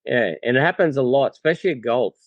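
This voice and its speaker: An Australian man guesting on a podcast, telling stories in a relaxed way with many fillers and restarts. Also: mid-range voice, fast talker, no echo, muffled recording. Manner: laid-back storyteller, lots of fillers and restarts. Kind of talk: casual chat.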